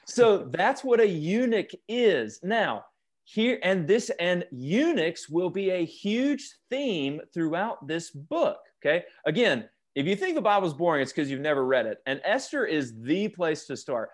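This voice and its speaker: A man's voice: sits high, big pitch swings, a little slow. A man leading a youth Bible study over a video call, questioning the group and joking as he teaches.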